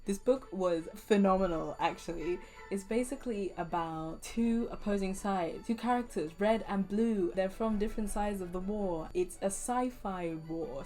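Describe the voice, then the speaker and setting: A woman's voice: mid-range voice, a little mellow. A young woman chatting casually and playfully about books she read, laughing often as she goes. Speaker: book vlogger. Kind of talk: casual book review chat.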